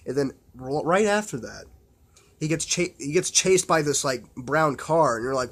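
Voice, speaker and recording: A man's voice: on the high side, lively intonation, normal speed. A man talking casually and enthusiastically about horror films, rambling with lots of fillers and restarts, and swearing bluntly. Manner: blunt and profane. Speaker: horror film vlogger. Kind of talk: casual unscripted film talk.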